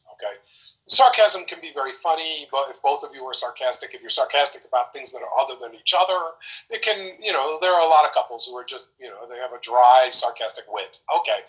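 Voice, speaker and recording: A man giving relationship advice in a casual, animated way, acting out example conversations as he explains. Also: medium pitch, low-quality recording. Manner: animated, acts out example dialogues.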